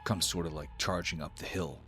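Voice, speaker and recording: Give me a low-voiced man running a tabletop game, casual and rambling. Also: steady tone, fairly quick, a bit bright, faint music behind. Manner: casual, many fillers like "like". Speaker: game master.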